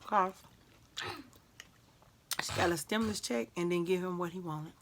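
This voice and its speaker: A woman's voice: on the low side, normal speed, noisy background. An older woman hosting a casual eating vlog, chatting with viewers between bites and slipping into whispers and coughs. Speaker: mukbang vlogger.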